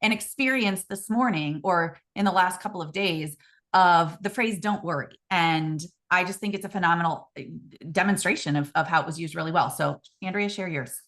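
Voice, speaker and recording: A woman hosting a casual sales coaching chat, lively and acting out quoted phrases. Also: on the low side, normal speed.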